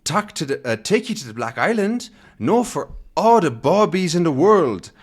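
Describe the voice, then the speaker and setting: A man's voice: on the high side, very animated, moderate pace, slightly rough, voice pushed up. A man voicing frightened Scottish boatmen with a Scottish accent, refusing in alarm.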